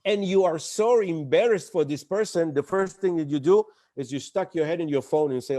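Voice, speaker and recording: A man running a presentation training session, animated and acting out the audience's reactions as he teaches. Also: a little high, moderate pace, few pauses. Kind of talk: live online training talk.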